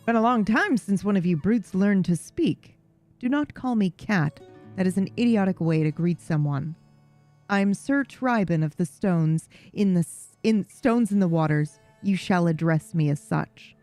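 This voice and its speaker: A woman's voice: lowish voice, expressive, a little slow, darkish tone, faint music behind. A woman voicing a jaded, vain, regal male cat in a video game, with a posh mock-transatlantic drawl full of scorn. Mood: haughty. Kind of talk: reading game dialogue aloud.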